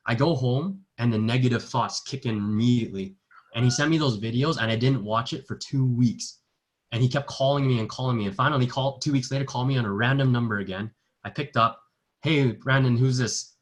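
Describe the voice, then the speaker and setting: A man's voice: medium pitch, fast. Earnest young man telling his story. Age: young adult. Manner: earnest storyteller, acts out quoted dialogue. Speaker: network marketing distributor. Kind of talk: personal testimony in a training talk.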